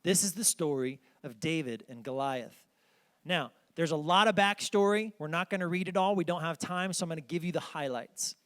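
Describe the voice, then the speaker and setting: A man's voice: on the high side, moderate pace, fairly bright tone. A male pastor in his thirties preaching a storytelling sermon in church, chatting directly with the congregation. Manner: conversational, addresses congregation directly. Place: church sanctuary.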